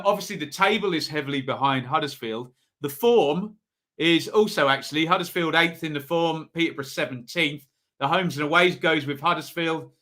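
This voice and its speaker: Guy streaming football picks, bright and a bit high, thinking out loud, reading chat. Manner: chatty, thinking aloud, reading chat comments. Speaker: football predictions host.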